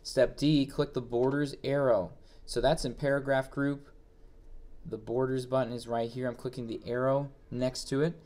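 A man with an ordinary mid-pitched voice narrates a screen-recorded software tutorial. He reads out each step and then talks it through in a plain way, thinking aloud as he goes. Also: level tone, normal speed. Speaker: instructor.

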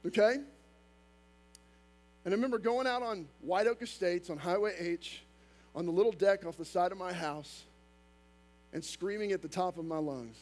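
A male pastor preaching a sermon, talking fast and emphatic, with casual asides to the congregation. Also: high-pitched, darkish tone.

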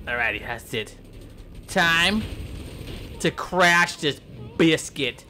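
A man commentating gameplay in a goofy, clowning way, yelping and jumping high in pitch when things go wrong. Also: animated, takes it slowly, pushed and bright, slight background noise. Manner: sing-song chanting and repeated silly words.

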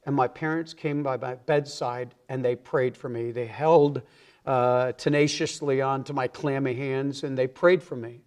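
A man recounting his personal testimony as an evangelist on a television interview. He speaks earnestly at an average pitch, and he slips into the voices of the people in his story as he goes. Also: fairly even intonation, measured pace, darkish tone. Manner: earnest storyteller who acts out the quoted voices. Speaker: evangelist guest.

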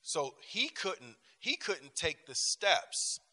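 A man's voice: fairly high pitch, very animated, takes it slowly, sharp tone, big-room sound. A man teaching a church relationship class, telling personal stories in an emphatic way and often repeating himself. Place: church meeting room.

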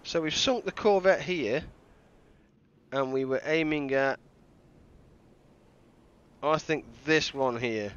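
A man's voice: medium pitch, takes it slowly, pauses often, a bit bright, clean tone. Man streaming a game, lo-fi mic. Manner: thinks aloud, joking and self-mocking. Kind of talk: live gameplay commentary.

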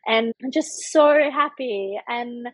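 Breathy woman telling her story animatedly. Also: on the high side, slow pace, dry recording, highs cut off. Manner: animated, vivid retelling with many fillers and acted-out thoughts. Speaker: podcast guest. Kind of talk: personal storytelling in a casual chat.

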